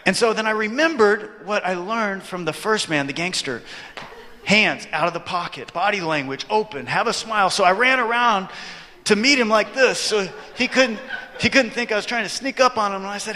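A man preaching a sermon, telling a story with animated delivery and acting out his own reactions. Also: high voice, brisk. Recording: long hall reverb.

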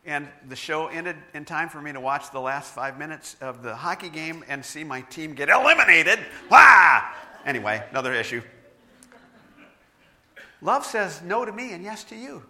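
A man's voice: on the high side, animated, moderate pace, pushed and bright. A middle-aged man preaching a sermon, telling stories with self-deprecating humor. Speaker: pastor.

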